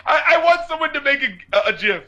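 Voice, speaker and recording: A man's voice: extremely high pitch, big pitch swings, brisk, sharp tone, lo-fi sound. A man co-hosting a casual podcast chat, laughing often and acting out scenes he remembers. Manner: laughs often, quotes lyrics and scenes in goofy voices. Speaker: podcast co-host.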